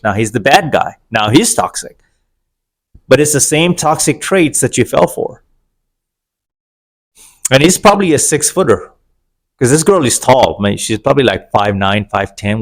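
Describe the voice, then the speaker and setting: A middle-aged man giving an opinionated, sarcastic monologue about dating, wandering into digressions. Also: medium pitch. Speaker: vlogger. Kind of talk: casual monologue to camera.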